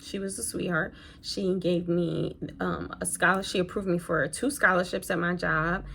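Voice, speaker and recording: A woman's voice: lowish voice, fairly even intonation, moderate pace, vocal fry, a bit bright, slight background noise. A woman who works as a nurse, chatting casually and rambling through a story while she does her makeup. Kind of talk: casual get-ready-with-me chat.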